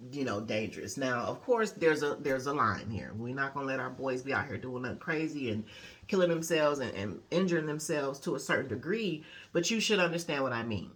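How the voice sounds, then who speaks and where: A woman life coach giving a casual motivational talk, conversational and lively, often adding "you know" and "okay". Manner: animated storyteller, acting out quotes with big pitch jumps.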